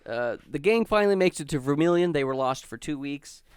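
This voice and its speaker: Smooth-voiced man, laid-back recap. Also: fairly high pitch, lively intonation, fairly quick, dry recording. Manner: laid-back, swears casually while summarizing. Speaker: podcast co-host. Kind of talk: casual recap chat.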